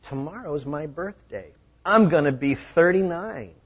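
Lonely woman near forty, hesitant, pitched a bit high, as a preacher puts her on; dull lo-fi recording. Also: expressive, a little slow, slightly rough. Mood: hurt. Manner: hesitant, stammering and pleading. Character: lonely woman turning thirty-nine.

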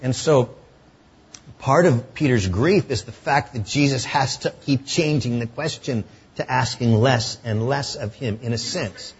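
Husky guy preaching, chatty sermon, kinda dull lo-fi sound. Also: medium pitch, measured pace. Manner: conversational, drops to hushed tones for emotional moments.

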